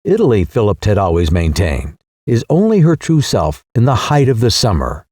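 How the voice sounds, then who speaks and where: A male audiobook narrator reads scripted material at a moderate pace, expressive and mellow, with a fairly low pitch. The sound is clean studio quality with no room sound.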